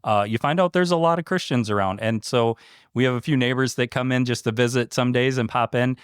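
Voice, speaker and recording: A man's voice: mid-range voice, fairly quick, clear, resonant tone, no echo, studio quality. A man who owns a small business, speaking in a casual interview, earnest and heartfelt, with many fillers and restarts. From Michigan. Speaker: franchise owner, interview guest.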